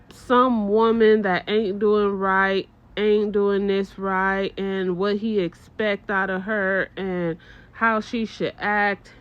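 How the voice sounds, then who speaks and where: A middle-aged woman telling a casual story to her viewers, animated and swearing, with exaggerated disgust. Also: medium pitch, clean tone, muffled recording.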